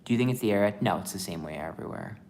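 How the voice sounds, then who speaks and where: A man's voice: deep voice, animated, very fast, darkish tone, a little hiss or hum. A man chatting casually on a livestream as a tarot reader, rambling with lots of fillers.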